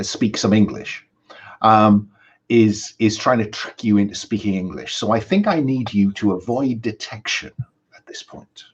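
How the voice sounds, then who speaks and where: A man's voice: lowish voice, slightly rough, lo-fi sound. A man running a tabletop horror game as game master, talking with many ums and restarts.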